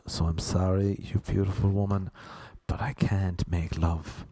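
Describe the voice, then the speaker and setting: A man's voice: low-pitched, level tone, measured pace, dark tone, slightly rough, no echo. A young Irish man telling rambling, self-mocking comic stories, often laughing at his own jokes. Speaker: comedian. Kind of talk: comic monologue.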